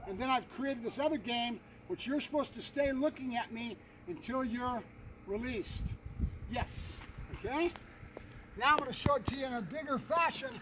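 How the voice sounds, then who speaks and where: A man with a very high voice explains dog-training drills outdoors, breaking off for quick commands to his dog and often checking in with "right?". He sounds set back from the mic. Clear outdoor noise sits behind him. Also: recorded from a distance. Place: outdoors by a fence and a building.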